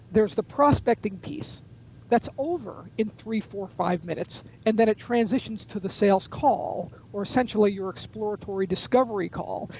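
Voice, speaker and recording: A guest sales trainer and author confidently coaches a webinar audience on phone call techniques, staging sample calls to illustrate. His voice is high and warm. The recording sounds muffled, with a little hiss or hum.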